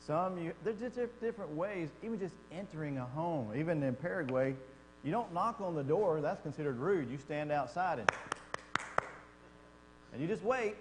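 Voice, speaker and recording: A man teaches a church Bible class in a lively, conversational way, acting out little quotes along the way. His voice sits a bit high for a man. The sound rings with long reverb, as in a church hall, over a faint electrical hum. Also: normal speed. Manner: conversational, animated, acts out quotes.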